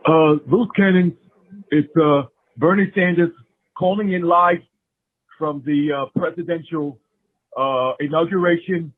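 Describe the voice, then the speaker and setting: A man doing a prank voicemail impression of a rambling older male politician, halting and full of "uh" fillers. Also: fairly high pitch, steady tone, no echo. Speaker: caller. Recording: tinny phone voicemail.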